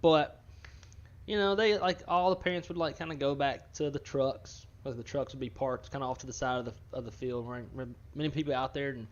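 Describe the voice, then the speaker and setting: Male streamer, easygoing and chatty, medium pitch, muffled lo-fi sound. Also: fairly quick. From northern Louisiana. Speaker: flight sim streamer. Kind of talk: casual stream chat. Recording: dull lo-fi stream audio.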